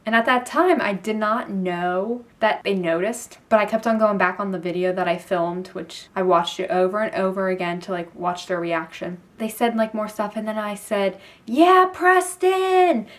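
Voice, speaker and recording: A young woman vlogging, telling a story in a gushing, excited way with lots of fillers. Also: medium pitch, moderate pace, hardly any pauses. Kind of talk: casual storytelling to camera.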